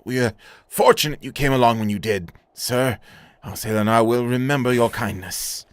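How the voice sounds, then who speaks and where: A man's voice: medium pitch, normal speed, dry recording, natural voice. A man voicing a proud young knight in a video game who has just been beaten, speaking in an exasperated, emphatic way. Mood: grateful. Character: frustrated young knight, proud but defeated.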